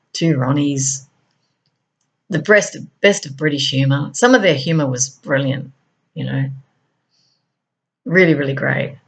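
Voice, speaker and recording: A middle-aged Australian woman with an Australian accent, speaking earnestly in an unhurried, reflective personal monologue. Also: low voice, husky. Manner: earnest, unhurried, with frequent laughs. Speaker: speaker on a talk show.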